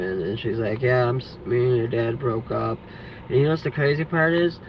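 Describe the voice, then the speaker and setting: A man's voice: mid-range voice, normal speed. A man telling a story in an angry, profane vlog rant, rambling and restarting often. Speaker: vlogger. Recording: lo-fi with faint background noise.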